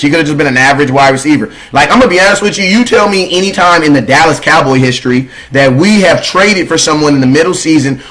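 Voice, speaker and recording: Guy cohosting sports talk, kinda high voice, rambly, lots of fillers. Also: a bit bright, low-quality recording. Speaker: sports show co-host.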